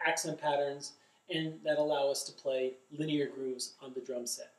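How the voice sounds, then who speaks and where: A man's voice: fairly high pitch, darkish tone. A middle-aged man giving a drum lesson, explaining carefully and chanting rhythm syllables aloud. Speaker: drum instructor. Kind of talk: instructional demonstration. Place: drum studio, indoors. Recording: echoey room, distant mic.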